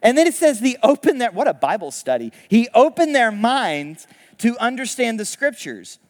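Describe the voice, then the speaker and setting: Man, pastor, sermon, high voice, animated casual storytelling, long hall reverb. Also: moderate pace. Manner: animated, casual storytelling with laughs and paraphrased quotes.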